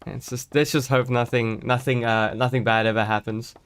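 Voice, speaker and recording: A man's voice: medium pitch, level tone, moderate pace, fairly bright tone, clean tone. A man chatting live to his viewers while playing a game, rambling and joking as he goes, greeting people in chat. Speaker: streamer.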